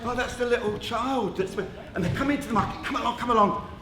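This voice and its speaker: A man leading an interactive drama workshop, coaxing participants and narrating a story in a lively way. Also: very high voice, quick pace, crowd noise. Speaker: workshop leader. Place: theatre stage with a group. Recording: echoey theatre with audience.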